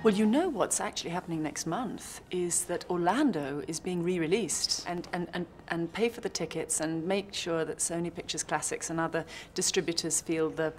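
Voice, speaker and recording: A woman's voice: fairly low pitch, moderate pace, few pauses, faint music behind. A woman actress answering interview questions in a reflective way, often restarting her sentences and adding playful asides.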